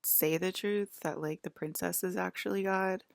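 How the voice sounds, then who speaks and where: A woman's voice: fairly low pitch, steady tone, normal speed, gravelly, no echo, clean studio sound. A woman in a rambling personal monologue, leaning heavily on "like" as she talks. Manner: rambling, heavy use of "like". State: close to tears.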